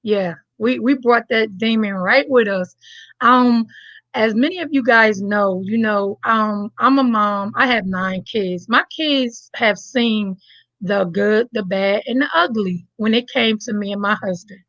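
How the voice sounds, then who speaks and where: A woman's voice: medium pitch, a little slow, a bit bright, no echo, muffled recording. A woman from New Jersey, a reverend and mother, giving a candid testimony and speaking directly to listeners. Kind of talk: personal testimony.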